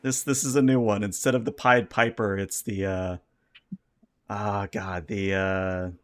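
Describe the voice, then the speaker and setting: A man's voice: lowish voice, level tone, measured pace, a bit bright. A man running a tabletop role-playing game as game master, calling rolls and stumbling over words.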